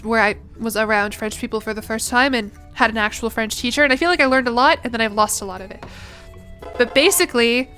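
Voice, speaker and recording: A young American woman in her twenties chats casually and rambles as a streamer while she plays, swearing now and then. Her voice is a little high with a fairly bright tone.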